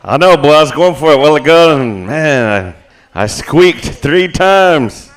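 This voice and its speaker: A man's voice: fairly high pitch, expressive, moderate pace, clean tone. A man emceeing a powwow over the PA in an outdoor arena, joking between calls. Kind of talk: live arena announcing.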